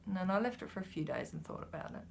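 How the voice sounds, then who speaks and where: A woman's voice: on the low side, sing-song, very fast, creaky, a little mellow, a little hiss or hum. A woman, chatting casually as she shows her cross-stitch supplies, rambling a little and sometimes dropping to a whisper. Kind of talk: casual chat showing craft supplies.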